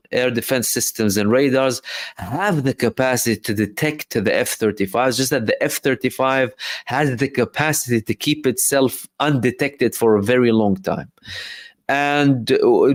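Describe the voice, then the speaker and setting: A man's voice: mid-range voice, no room sound. A man hosting a live stream, reading out viewer questions and answering them in a loose explanatory way, with frequent fillers and restarts. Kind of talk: casual live commentary reading chat questions.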